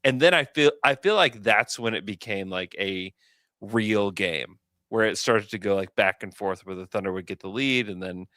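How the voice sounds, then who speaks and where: A man co-hosting a podcast in casual sports chat, animated and chatty. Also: lowish voice, normal speed, dry recording, clean studio sound. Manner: animated, chatty, lots of fillers. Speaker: podcast co-host.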